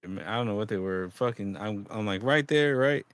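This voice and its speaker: Man, low voice, dry close mic, profane, animated storytelling. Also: brisk, dry recording. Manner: animated, swears a lot, laughs often, slangy.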